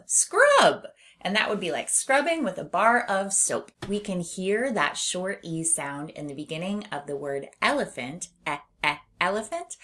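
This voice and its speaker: A woman teaching a children's phonics lesson, modeling vowel sounds slowly and clearly and encouraging young learners to join in. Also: on the low side, a bit bright.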